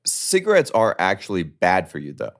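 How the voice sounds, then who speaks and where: Man, low voice, blunt and profane, heated podcast guest. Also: huge pitch swings, normal speed. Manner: emphatic, profane, jumps up in pitch when mimicking others. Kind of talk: heated casual debate.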